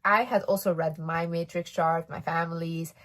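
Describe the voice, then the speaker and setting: A woman's voice: on the low side, fairly even intonation, normal speed, fairly bright tone. A young woman vlogger telling a personal story to camera in a casual, candid way. She speaks with emphasis and swears freely.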